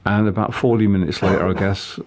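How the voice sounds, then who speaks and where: A man's voice: deep voice, steady tone, a little mellow, slight background noise. A man telling a personal story in casual conversation, with frequent halts and restarts. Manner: halting, many restarts. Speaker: guest.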